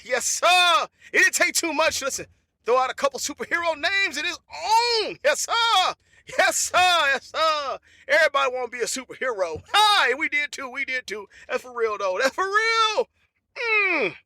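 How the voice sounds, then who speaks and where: A man delivers a rambling comedic monologue on his podcast, animated and repetitive, laughing as he goes. His voice sits very high and sounds sharp and bright. The recording is dry and close, with no room sound. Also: normal speed, no room sound. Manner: animated, repeats phrases, bursts of laughter.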